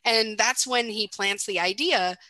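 A woman's voice: mid-range voice, measured pace, bright, forceful tone, no echo. A woman co-hosting a podcast, retelling a film's story in a chatty way, full of fillers. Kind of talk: casual film recap chat.

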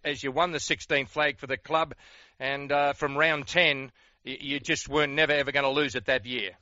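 Bright-voiced Australian radio host. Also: male voice, medium pitch, fairly even intonation, moderate pace, no echo. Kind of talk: interview. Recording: dry, dull lo-fi sound.

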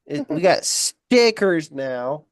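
A man hosting a casual live-streamed podcast, sounding congested and halting, repeating words and using many fillers. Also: a little high, sing-song, no room sound, clean studio sound. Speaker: podcast host.

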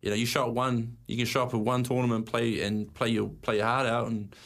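A man with a New Zealand accent, a darts player speaking as a studio guest in a relaxed, casual radio interview. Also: medium pitch, brisk. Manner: relaxed, laid-back, says mate.

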